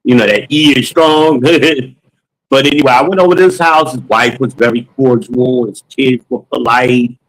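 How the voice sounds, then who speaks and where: A man's voice: mid-range voice, fairly even intonation, normal speed, rough recording. A man casually telling a story from his sales days, slangy and loose, acting out dialogue with frequent ums.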